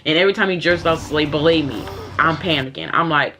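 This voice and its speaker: A woman giving a casual recap of a TV episode, animated and full of fillers, acting out the characters' lines. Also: low voice, fast, slight background noise. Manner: animated, many fillers, acts out quoted lines. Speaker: TV episode reviewer.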